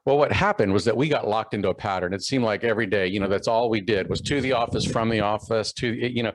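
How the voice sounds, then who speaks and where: A man's voice: fairly low pitch, quick pace, dry recording, low-quality recording. A middle-aged man from Texas giving a keynote talk, telling a personal story with many fillers and restarts. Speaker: keynote speaker.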